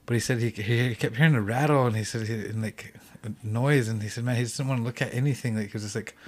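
A man's voice: medium pitch, fast talker. A young man from the Cheyenne Reservation telling a ghost story in a loose, rambling way as a podcast guest. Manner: rambling, full of "like" and "he said".

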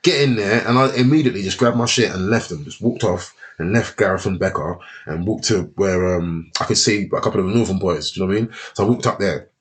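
A man's voice: sits low, fast talker. A man, a former fighter who is a podcast guest, telling stories in casual chat with a lot of swearing. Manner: animated, profane, often acts out others' lines.

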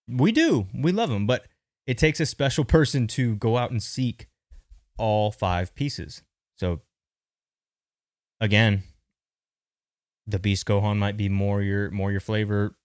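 Low-voiced chatty male podcast host. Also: slow pace, long pauses, dry recording, studio quality. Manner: chatty, thinking aloud with restarts. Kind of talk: casual market commentary.

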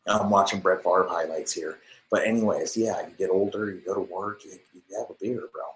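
A man talking into a desk mic in his home office, live streaming a rambling, boastful monologue that swings between loud swearing and hushed whispers. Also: low-pitched, fairly even intonation, normal speed, slight background noise, poor audio.

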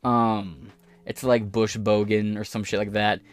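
A man's voice: on the low side, level tone, measured pace, no room sound. An American man hosting a podcast, rambling through a casual, profane and sarcastic rant that drifts off topic. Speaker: podcast host. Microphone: audio-only podcast mic.

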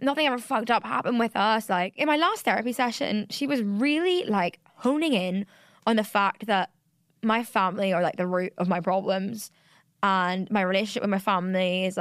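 A woman's voice: on the high side, a bit bright, no room sound, clean studio sound. A young woman, hosting a solo podcast, talking candidly and rambling with many fillers and restarts. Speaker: podcast host. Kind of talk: solo confessional podcast monologue.

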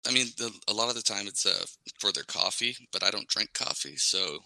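Young guy rambling in a chat, deep but really bright punchy voice, dry sound. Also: expressive, a little fast, gravelly, no echo, poor audio. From Canada, Ontario. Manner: rambling, many "like" and "um" fillers. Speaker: guest. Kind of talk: casual interview chat.

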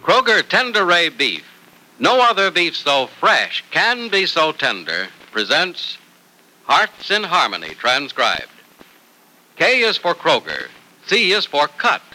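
An upbeat male announcer reading a vintage radio ad and narration. His voice is very bright and sharp, with lively swings in pitch. He speaks with a salesman's push. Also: slow pace, rough recording.

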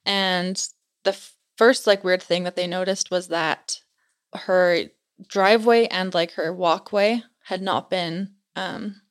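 A woman's voice: fairly low pitch, fairly even intonation, slow pace. A young woman casually telling a spooky story to a friend, chatty and full of "like" fillers.

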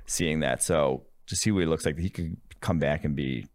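A man co-hosting a sports podcast as a draft analyst, relaxed, thinking aloud in casual chat. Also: a bass voice, normal speed.

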